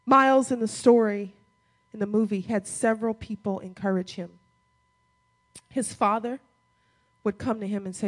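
A woman's voice: medium pitch, normal speed, a little mellow. A woman pastor preaching a conversational sermon, acting out quotes as she goes.

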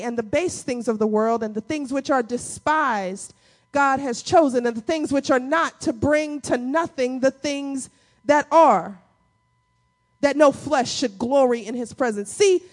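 A woman pastor delivers a sermon in a loose, conversational way. She acts out quotes and reactions as she talks, and her voice sits slightly high. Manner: conversational preaching with acted-out quotes.

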